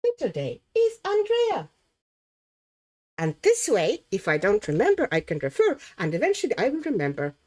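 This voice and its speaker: A woman hosting a relaxed livestream, chatting casually as she colours, reading out viewers' names and thinking aloud while she works. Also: fairly high pitch, normal speed. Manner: chatty, laughs often, reads chat names aloud; muses aloud while working. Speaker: livestream host.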